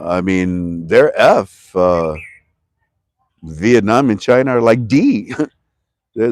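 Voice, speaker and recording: A man from Ohio, talking to camera about currency in a rambling, animated way and sometimes shouting for emphasis. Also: medium pitch, dry recording, studio quality. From Toledo, Ohio. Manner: animated, shouts for emphasis, talks to himself in two voices. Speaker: currency commentary vlogger. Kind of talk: casual rambling talk to camera.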